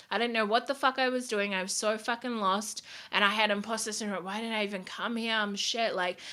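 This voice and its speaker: A woman's voice: medium pitch, pushed and bright. A woman giving a candid, motivational vlog talk as a small business owner, swearing freely and speaking with emphatic drive.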